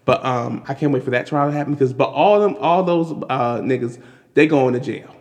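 A man's voice: medium pitch, fairly quick. Exasperated man with hall reverb. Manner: animated, exasperated, many restarts and fillers. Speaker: commentary vlogger. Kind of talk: casual news commentary.

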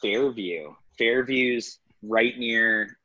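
A man's voice: mid-range voice, extremely slow, sharp tone, lo-fi sound. A man hosting a podcast in casual chat, steering the talk and reading out items from a list. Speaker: podcast host.

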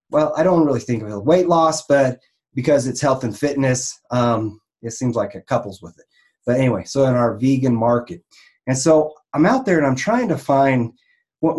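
A man in the vegan health trade talks through marketing lessons in a loose, conversational way. His voice sits at an ordinary middle pitch, and he keeps restarting his sentences and leaning on fillers. He turns animated whenever he acts out an example. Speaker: online marketer in the raw vegan health business. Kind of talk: casual teaching talk on marketing.

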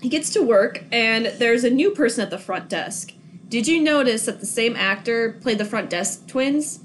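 A woman's voice: fairly high pitch, expressive, moderate pace, slight background noise. A young woman from Minnesota, co-hosting a podcast and recapping a film in casual, giggly chat with plenty of swearing. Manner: giggly, swears casually, bursts into loud laughs. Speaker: podcast co-host.

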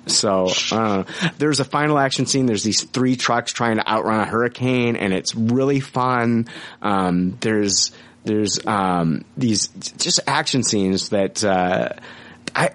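Laid-back, profane man hosting a podcast. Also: mid-range voice. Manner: loose and profane, many fillers and laughs. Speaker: podcast host. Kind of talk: casual movie review chat.

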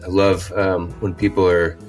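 A man hosts a podcast in easy conversation, his voice very low and deep. He gushes openly and fills his pauses with ums and uhs, while faint music runs underneath. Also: flat delivery. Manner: warm-hearted, gushing, loose with fillers. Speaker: podcast host. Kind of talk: casual interview chat.

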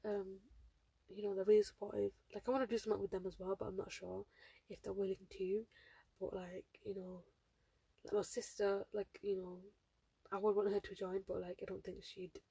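This teen podcast host, a seventeen-year-old girl, rambles casually through a solo chat with lots of fillers. Her voice is medium-pitched, creaky, dark, and slightly rough, with no room sound.

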